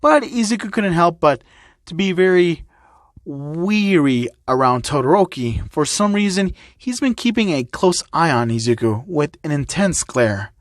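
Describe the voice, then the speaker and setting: A man's voice: fairly high pitch, animated, a little slow, dry recording, clean studio sound. A man narrating a fan fiction story in a plain reading voice. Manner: plain reading, then exasperated ranting at the puns.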